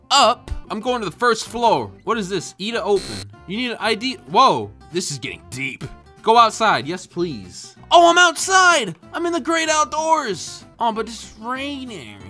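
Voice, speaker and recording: A man's voice: very high-pitched, sharp tone. A man giving jokey, casual commentary while playing a video game and reading its text aloud. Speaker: gaming YouTuber.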